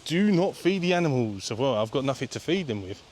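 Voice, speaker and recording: Excitable chatty man with a lively voice. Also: medium pitch, a little fast, slight background noise. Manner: chatty and excitable, keeps addressing viewers. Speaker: travel vlogger. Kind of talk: casual walking tour vlog. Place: visiting an open-air museum, indoors and outdoors.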